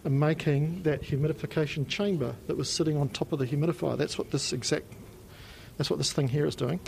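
A man's voice: a little high, brisk, creaky, darkish tone, slight background noise, low-quality recording. A man with a New Zealand accent patiently explains technical equipment on a factory tour, with frequent ums. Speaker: company spokesperson giving a tour. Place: factory and laboratory.

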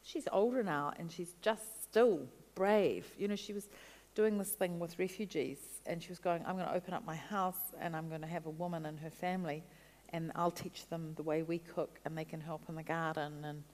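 A woman guest, a food writer, telling animated stories in an interview. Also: low voice, normal speed, long reverb tail. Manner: chatty, animated storytelling with laughs. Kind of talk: storytelling interview answers.

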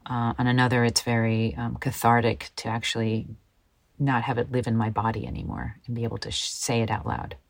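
A woman telling her own story in an interview, speaking softly and haltingly and often dropping to a hushed near-whisper. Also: rumbling low, level tone, gravelly, poor audio. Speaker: interview guest, model.

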